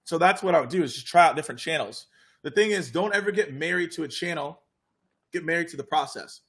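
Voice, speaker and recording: Bright, energetic man coaching sales. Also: a little high, fast talker, slightly rough. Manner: energetic, addresses viewers directly, acts out calm sales calls. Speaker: sales coach hosting a live Q&A. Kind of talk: casual live-stream Q&A coaching.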